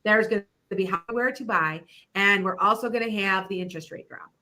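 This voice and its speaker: A middle-aged woman hosts an internet radio show about her psychic predictions. Her voice is bright and clear, and she talks in a chatty, rambling way, laughing often as she goes. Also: mid-range voice, a little fast. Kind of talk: casual chat about predictions.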